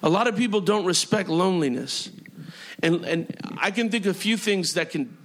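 A man's voice: sits high, animated, normal speed. A man preaching a sermon as pastor, driving his points with repeated phrases and frequent amens and hallelujahs. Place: church sanctuary.

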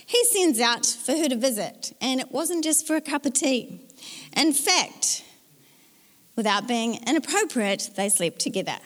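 A woman's voice: sits high, expressive, a little slow, fairly bright tone. A woman pastor with a New Zealand accent, preaching a sermon in a conversational storytelling way with playful asides. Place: church hall. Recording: church hall with long reverb.

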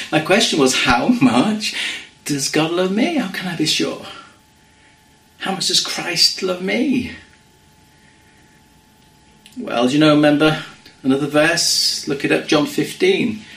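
A man preaching a sermon in an earnest way, dropping to a hush when he quotes scripture. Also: medium pitch, echoey room, low-quality recording. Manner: earnest, drops to hushed quoting of scripture.

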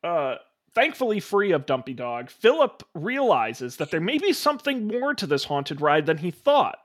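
A man's voice: high voice, sing-song, normal speed, no echo, studio quality. A man running an improvised story game as narrator, playful and rambling. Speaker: game master.

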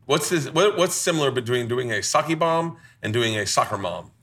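A man's voice: medium pitch, moderate pace. A middle-aged man hosting a casual show, telling comic stories in a loose, profane way. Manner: animated, profane storyteller. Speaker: host. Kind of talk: casual comedic storytelling.

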